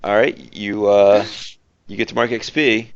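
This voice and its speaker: A man's voice: fairly low pitch, fairly even intonation, unhurried, noisy background. A man running a tabletop game as game master, teasing his players and laughing often. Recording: muffled lo-fi recording.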